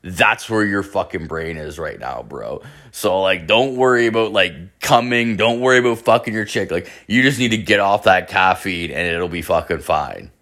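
A man's voice: low voice, expressive, normal speed, few pauses, fairly bright tone. A young man telling a casual story, rambling and profane, full of fillers.

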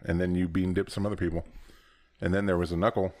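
Deep-voiced man, laughing storyteller. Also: flat delivery, quick pace, darkish tone. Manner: laughs often, rambling storyteller. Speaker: podcast co-host. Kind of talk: casual chat.

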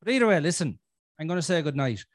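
Irish man, middle-aged, podcast host, sweary teasing banter, animated pitch, dry sound. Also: fast, no echo. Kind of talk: casual podcast chat.

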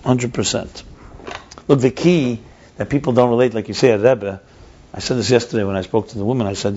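A man's voice: mid-range voice, fairly even intonation, brisk, darkish tone. A man explaining ideas in a conversational teaching style, emphatic and repeating his key points. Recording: dull lo-fi recording.

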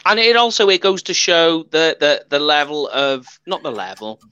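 A man from the United Kingdom co-hosting a casual sports podcast, lively and teasing, quick to laugh. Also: on the high side, clean tone, no echo, highs cut off. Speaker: podcast co-host.

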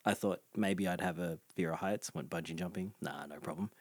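A man in a casual chat, relaxed and unbothered. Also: fairly quick, no room sound. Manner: relaxed, unbothered, low-key.

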